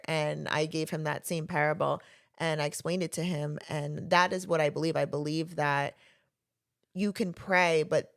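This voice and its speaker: A woman with a low, gravelly voice hosts a casual podcast. She speaks earnestly and addresses the viewers directly. The sound is dry and close. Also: fairly even intonation, moderate pace, no room sound. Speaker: podcast host.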